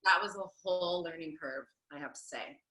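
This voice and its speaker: A woman in her thirties, a stage performer, answering interview questions in an animated, chatty way with lots of fillers. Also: medium pitch, brisk, vocal fry, reverberant, low-quality recording. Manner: animated, laughs often, many fillers. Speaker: Broadway performer, guest.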